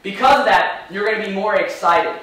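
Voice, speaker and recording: A man leading a live sales training, energetic and firing rhetorical questions at the room. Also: high-pitched, fairly quick. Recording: very echoey room from far off.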